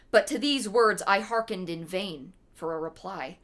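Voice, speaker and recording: A woman's voice: medium pitch, animated, moderate pace, few pauses, fairly bright tone. A young woman streamer reading a classic horror story aloud dramatically, breaking off for casual explanations. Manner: reads dramatically, then explains in casual asides.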